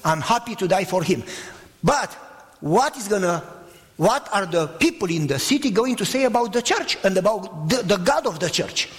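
High, lively-voiced pastor preaching in a hall. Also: male voice, normal speed. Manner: emphatic preaching with rhetorical questions to the congregation. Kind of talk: sermon.

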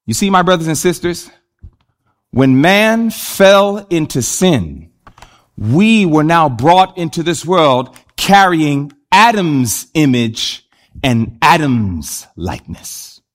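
Male pastor, sermon delivery, animated and engaging, high pitch. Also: slow pace. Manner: animated, addresses the congregation directly. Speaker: preacher.

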